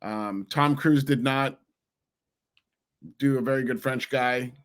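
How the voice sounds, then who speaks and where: Animated man telling rambling stories. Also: mid-range voice, slow pace. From New Jersey, USA. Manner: animated, rambling, many restarts. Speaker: guest. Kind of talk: casual interview storytelling.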